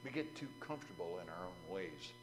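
A man's voice: low-pitched, animated, brisk, over music, rough recording. A man preaching a sermon in a folksy, storytelling way and putting questions to his listeners.

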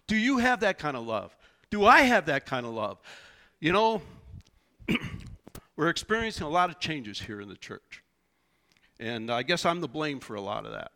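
A man's voice: on the high side, very animated, moderate pace, bright, forceful tone. A male pastor giving a sermon in a church, speaking conversationally and animatedly with many rhetorical questions.

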